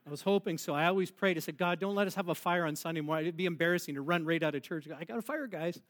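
A man's voice: a little high, steady tone, racing, a bit bright. A man preaching a sermon as pastor in a church, joking and laughing with the congregation. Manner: jokey, playful, laughs with the congregation.

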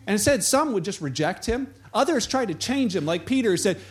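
A man with a high voice delivers a sermon, retelling scripture with animated storytelling. He jumps into the voices of the people in the story as he goes. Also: a little fast, few pauses. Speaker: pastor.

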